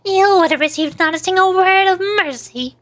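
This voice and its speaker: A woman's voice: very high voice, moderate pace, a bit bright, slight background noise, voice pushed up. A woman reading game dialogue aloud as a pompous, haughty tiny male dragon lord with a grandiose, commanding manner.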